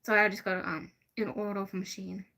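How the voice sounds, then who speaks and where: A woman's voice: mid-range voice, flat delivery, fairly quick, bright, forceful tone. A young woman hosting a casual livestream, answering viewers' questions and trailing off into frequent ums and repeated restarts. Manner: rambling, hesitant, many fillers and restarts. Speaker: livestream host.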